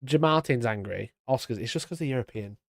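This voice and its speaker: A British man hosting a casual live stream, chatty and mock-indignant, talking into a boom-arm mic. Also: expressive, brisk, vocal fry, no room sound. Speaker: streamer host. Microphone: studio mic on boom arm.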